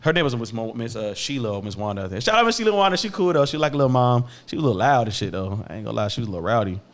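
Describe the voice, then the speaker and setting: A man's voice: medium pitch, very animated, racing. A young man hosting a podcast, telling a story casually with profane slang and laughter. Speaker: podcast host.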